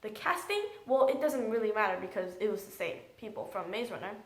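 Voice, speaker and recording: A woman's voice: mid-range voice, lively intonation, a little fast, reverberant, rough recording. A woman giving a casual, blunt and sarcastic spoken movie review.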